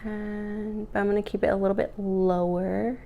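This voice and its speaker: A young woman in a casual get-ready-with-me chat, talking through her makeup as she goes. Her voice has a gravelly fry and is still rough from the morning. She rambles a bit and fills gaps with "like" and "um". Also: medium pitch, little pitch movement, normal speed, narrow, tinny audio, a little hiss or hum. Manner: chatty, rambling, lots of "like" and "um". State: morning voice, clearing throat. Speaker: beauty vlogger.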